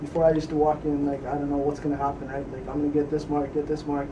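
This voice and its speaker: Fast-talking teenage boy, noisy distant recording. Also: fairly high pitch, monotone. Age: teens. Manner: chatty, says "right?" and "like" a lot. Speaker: student. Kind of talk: casual testimonial.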